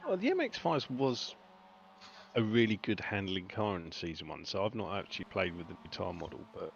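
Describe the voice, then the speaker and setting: Gravelly, lively commentator. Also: male voice, low voice, a little fast. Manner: chatty, laughing banter. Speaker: race commentator. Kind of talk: casual sim racing commentary. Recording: dull lo-fi stream audio with faint noise.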